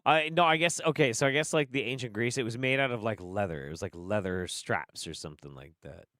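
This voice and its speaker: A man's voice: medium pitch, brisk, pushed and bright, no room sound, studio quality. A man hosting a casual commentary stream, swearing and laughing, with an exasperated delivery. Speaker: streamer host.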